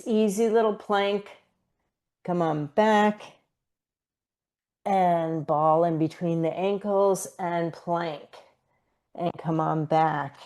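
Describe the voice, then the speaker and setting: Slow, unhurried woman teaching pilates. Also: medium pitch, darkish tone. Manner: counting reps while doing the moves. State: out of breath. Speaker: pilates instructor. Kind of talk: guided exercise class instruction.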